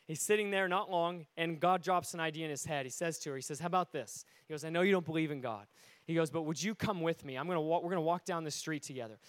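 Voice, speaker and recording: High-voiced fervent preacher, dry sound. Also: male voice, dry recording. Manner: animated, rising to near-shouting at peaks. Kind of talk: sermon storytelling.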